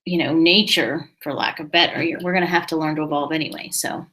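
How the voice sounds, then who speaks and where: A woman's voice: deep voice, steady tone, fast talker, fairly bright tone. A woman co-hosting a casual chat, playful and teasing in her remarks. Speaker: co-host.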